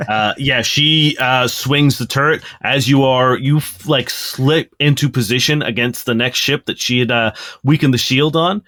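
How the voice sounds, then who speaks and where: A man's voice: medium pitch, moderate pace, few pauses, sharp tone, no room sound. A man narrating a tabletop game as game master, loose and profane, often laughing.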